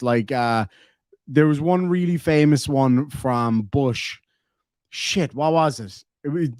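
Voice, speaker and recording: A man's voice: medium pitch, darkish tone, dry recording, studio quality. A man with an Irish accent hosting a livestream, reading super chats aloud in a joking, playful way. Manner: joking, playful, laughs often. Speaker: livestream host.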